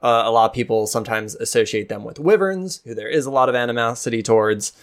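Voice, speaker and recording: A man's voice: medium pitch, quick pace. Hesitant man running a tabletop game. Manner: relaxed, hesitant, many fillers. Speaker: game master.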